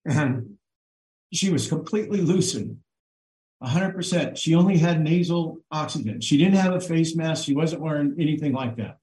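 A man telling a personal story on a livestream in an earnest, halting way, with many fillers and restarts. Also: on the high side, darkish tone, roomy sound, a little hiss or hum, rough recording. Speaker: guest on a livestream. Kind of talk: emotional personal account.

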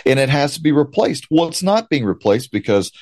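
A man's voice: medium pitch, big pitch swings, a little fast, darkish tone, no echo. A man giving political commentary, talking emphatically with a sarcastic, ranting edge. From United States. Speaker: guest commentator.

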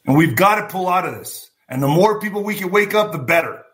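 Against a noisy background, a man speaks fairly quickly in a high-pitched, expressive voice. He's a vlogger doing political commentary, ranting to his viewers in blunt, swear-filled terms. Calling them "folks," he drives each point with emphasis.

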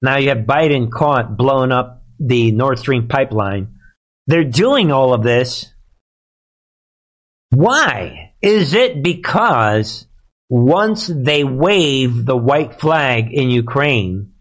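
A man hosts a live political commentary show, addressing his audience directly in a sarcastic, emphatic way. His voice is medium in pitch.

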